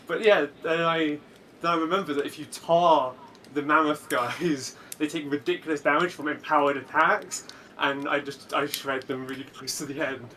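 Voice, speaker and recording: Competitor: man, bright higher voice, eager chatter with restarts and laughs, distant mic with faint hiss. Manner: rapid, restarts a lot, laughs often. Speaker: bingo league player. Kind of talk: casual post-match chat.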